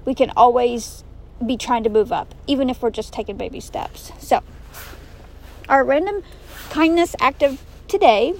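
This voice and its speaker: A woman's voice: high-pitched, normal speed, darkish tone, poor audio. A woman hosting a motivational podcast in a chatty, upbeat way, with plenty of "so" and "um", recorded inside her car. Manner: upbeat, chatty, many fillers like "so" and "um". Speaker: podcast host. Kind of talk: casual motivational pep talk. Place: inside a parked car in the rain.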